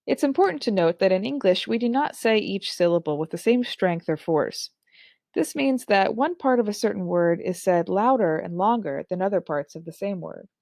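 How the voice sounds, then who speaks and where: A woman in her thirties teaching an online speaking course, with clear, carefully articulated and expressive delivery. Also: medium pitch, normal speed, no echo. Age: 30s. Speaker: instructor.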